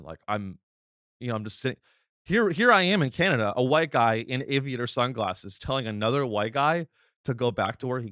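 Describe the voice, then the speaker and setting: A man hosts a comedy podcast, working through a satirical monologue in a deadpan, meandering way, often stopping to restart his sentences. His voice sits at an ordinary, middle pitch. The sound is dry and close, with no room echo. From United States. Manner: rambling, deadpan, with frequent restarts.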